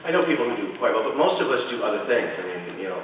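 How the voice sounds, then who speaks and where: Deep-voiced man, tinny hall recording. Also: very animated, fast, a little hiss or hum. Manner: frank, stumbling over starts. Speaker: voice actor and director on a panel. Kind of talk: answering a fan question on a panel. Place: convention panel hall. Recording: tinny distant audio in an echoey hall.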